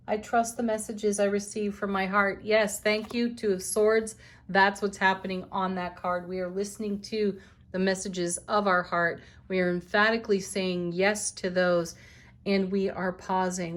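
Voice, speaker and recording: A woman giving a daily tarot card reading, speaking in an unhurried, affirming way with spiritual phrasing and soft laughs. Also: fairly low pitch. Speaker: tarot reader.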